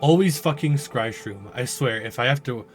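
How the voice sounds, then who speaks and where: A man's voice: medium pitch, normal speed, soft background music, close to an everyday voice. A man reading out a sarcastic, fed-up female guild officer from a game, exasperated and swearing.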